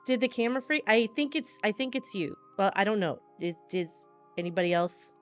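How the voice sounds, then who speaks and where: A woman streamer chatting casually with her live chat. She is bubbly and scattered, and she greets people with excited squeals. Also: medium pitch, fairly quick. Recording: dull lo-fi stream audio with faint music.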